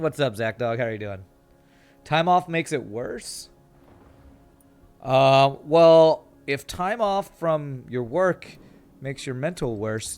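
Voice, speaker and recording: A man from California streaming a game, chatting to viewers in a rambling way and often repeating words while he thinks. He sounds tired after a busy season. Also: mid-range voice. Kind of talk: casual gameplay commentary with chat.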